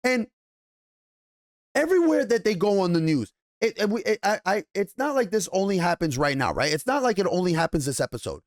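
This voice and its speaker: High-voiced and fairly quick, with big swings in pitch, a young man vents about a TV episode in a rant thick with swearing. Getting worked up, he stumbles and restarts repeatedly. It's studio-quality audio with no echo.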